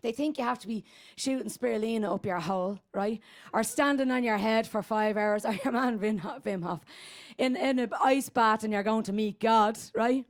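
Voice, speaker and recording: Pitched on the high side and lightly acted, her voice moves at normal speed. The comedy guest inhabits an elderly inner-city Dublin woman in her 80s, brash and crude, whose streetwise, rambling stand-up monologue is bawdy and thick with a Dublin accent.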